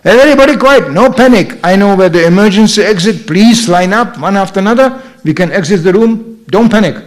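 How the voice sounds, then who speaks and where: A man acting out a take-charge male leader who barks orders to calm a panicking crowd in a sermon. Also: high voice, brisk, pitched above the performer's own voice. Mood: commanding. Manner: commanding, barking orders.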